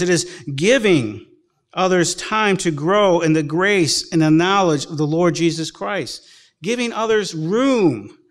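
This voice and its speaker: A man preaching a sermon as pastor, telling folksy stories with chuckles and acting out the people in them. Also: high-pitched. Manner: folksy storytelling with chuckles and acted-out quotes. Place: church sanctuary.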